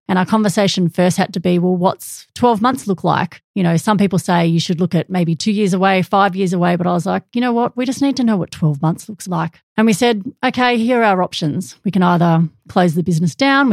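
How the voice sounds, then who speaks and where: A woman telling how she and her husband rebuilt their business, in a calm, matter-of-fact way. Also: mid-range voice, gravelly, no echo, clean studio sound. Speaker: business co-owner and wife. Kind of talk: personal storytelling.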